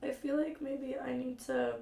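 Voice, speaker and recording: A young woman chats with her stream viewers in a slow, gravelly voice pitched a touch high. She rambles and complains about herself with a self-deprecating humor. The room sounds echoey, with a faint hum behind her. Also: sing-song, dark tone. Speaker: livestreamer. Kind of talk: casual live-stream chat. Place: room at home.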